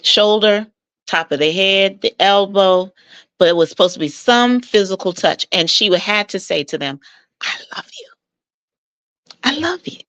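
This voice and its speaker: A woman coaching couples, telling stories from her work in an animated, persuasive way and acting out the voices of the people she quotes. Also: normal speed, no echo, highs cut off. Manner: animated, acts out quoted dialogue with jumps in pitch; warm, persuasive, mentoring tone. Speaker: marital coach, interview guest. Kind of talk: conversational storytelling.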